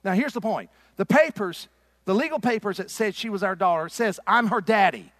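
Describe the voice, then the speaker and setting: A middle-aged man preaching a sermon in a church. His delivery is impassioned and swings from loud to hushed. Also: sits high, animated, brisk, no echo, clean studio sound. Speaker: pastor. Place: church sanctuary.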